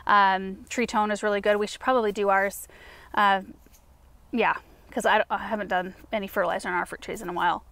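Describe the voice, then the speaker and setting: A woman's voice: mid-range voice, fairly even intonation, fairly quick, fairly bright tone, dry recording. A woman hosting a gardening show, answering viewer questions in a casual, chatty way with lots of fillers. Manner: chatty, explains with many fillers. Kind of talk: casual Q&A chat. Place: at home.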